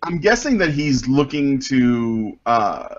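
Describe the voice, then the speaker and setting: A man's voice: mid-range voice, sing-song, slow. Guy hosting a podcast, reads a letter out, jokey, lots of ums, kinda muffled audio. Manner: chatty, jokey asides, frequent ums. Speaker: podcast host. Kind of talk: casual group chat, reading a listener letter aloud. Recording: dull lo-fi audio.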